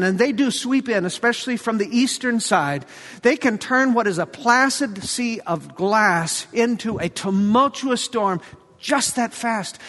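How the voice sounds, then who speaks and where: A man preaching a sermon, telling the story with animated flair and acting out the quotes. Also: extremely high pitch. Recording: long hall reverb.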